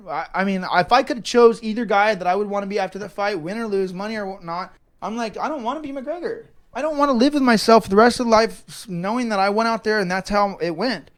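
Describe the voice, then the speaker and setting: A man in his thirties from Northern California gives a documentary interview in a fairly high voice. He rambles and swears, restarting sentences and circling back on his own words as he works through his thoughts. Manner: rambling, profane, many restarts and repeats. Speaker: professional fighter.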